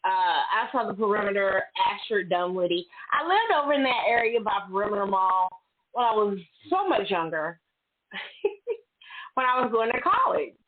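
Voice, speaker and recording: A middle-aged woman hosts a casual chat, candid and chatty, acting out her own stories by quoting herself with animation. Her mid-range voice moves at normal speed over tinny, phone-like audio.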